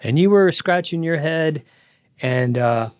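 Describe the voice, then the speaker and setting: Man hosting, animated storyteller, dry sound. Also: on the high side, a little slow, smooth, dry recording. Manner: storytelling, animated impressions of others. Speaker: podcast host. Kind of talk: casual conversation.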